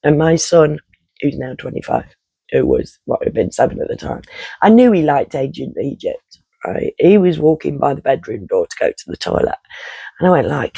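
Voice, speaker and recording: Gravelly man telling a rambling story. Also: fairly high pitch, very animated, moderate pace, mellow, no room sound, rough recording. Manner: rambling, swearing, self-interrupting. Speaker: vlogger. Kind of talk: casual storytelling.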